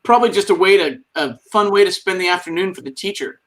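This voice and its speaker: A man's voice: high-pitched, fast talker, a bit bright. A man chatting as a guest on an online stream, playful and joking along. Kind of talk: casual chat.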